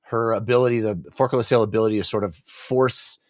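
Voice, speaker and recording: A man co-hosting a casual book-club podcast, talking eagerly and halting often with fillers. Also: on the low side, fairly even intonation, no room sound, clean studio sound. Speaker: podcast co-host.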